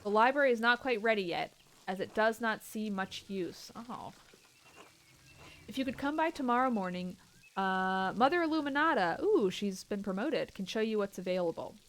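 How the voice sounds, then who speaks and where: A woman streaming a game, reading its dialogue aloud and breaking off into joking asides and soft muttered remarks. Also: medium pitch, animated, normal speed, a little hiss or hum. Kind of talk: let's-play commentary.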